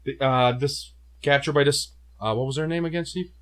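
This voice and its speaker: A man's voice: mid-range voice, normal speed. A man co-hosting a casual movie review, retelling the plot with mouth sound effects and stumbling restarts. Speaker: co-host of a movie review show.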